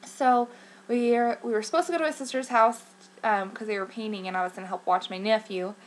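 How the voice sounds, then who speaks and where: Excitable, chatty young woman vlogger. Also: a little high, a little fast. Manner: excitable, chatty, many fillers, acts out quotes. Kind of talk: casual vlog storytelling.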